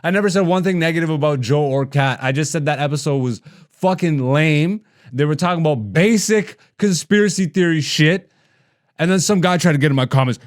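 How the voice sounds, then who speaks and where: A man in his thirties hosting a comedy podcast, ranting with heavy profanity and mockery, dropping to low mutters and rising to loud animated bursts. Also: fairly quick. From Ethiopian heritage.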